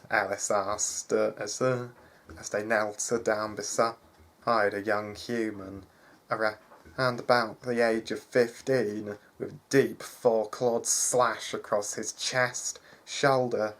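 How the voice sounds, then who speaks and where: A man reading a fantasy story aloud in a halting way, with frequent restarts. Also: fairly low pitch. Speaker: narrator.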